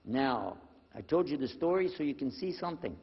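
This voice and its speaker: An older man telling a personal story to an audience, lively and acting out the dialogue in a husky voice. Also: fairly high pitch, a little fast. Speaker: speaker telling his conversion story. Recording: dull lo-fi recording with long hall reverb.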